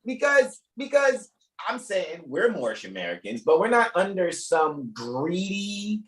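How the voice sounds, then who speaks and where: A man hosting a live reading, talking off the cuff in a rambling, animated way and laughing often. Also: high voice, unhurried. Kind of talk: casual improvised commentary. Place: room in a shop. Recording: echoey room.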